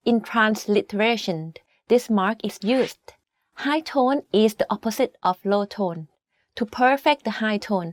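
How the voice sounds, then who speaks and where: A woman teaching a language lesson, explaining each tone clearly and slowly demonstrating example words. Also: on the high side, no echo. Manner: clear, slow demonstrations of tones.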